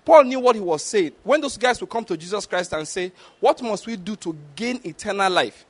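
A man's voice: lively intonation, fairly quick. A man preaching a sermon, emphatic and chuckling often, checking whether listeners get his point. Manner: acts out quoted voices in a high pitch.

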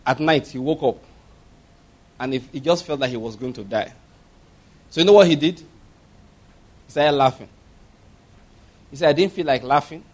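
A man's voice: medium pitch, normal speed, long pauses. A man preaching a sermon, telling a story with acted laughter and emphatic direct questions to the congregation.

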